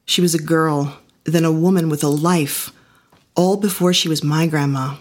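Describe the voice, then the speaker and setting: A woman tells a family story in the first person, her delivery intimate and reflective. Her voice is on the low side with a husky, slightly breathy texture. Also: fairly even intonation, moderate pace, darkish tone.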